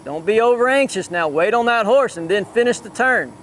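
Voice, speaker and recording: High-voiced man coaching a rider. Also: expressive, a little fast, a bit bright, slight background noise. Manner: calls out short repeated commands. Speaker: cutting horse trainer. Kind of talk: live riding coaching. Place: outdoor riding arena.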